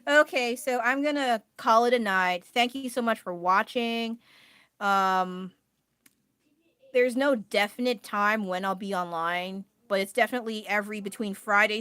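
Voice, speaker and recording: With a medium-pitched, sharp-toned voice and no echo, this artist talks about her work on a livestream, wandering from point to point and joking at her own expense. She's chatting casually at home, indoors, using a phone.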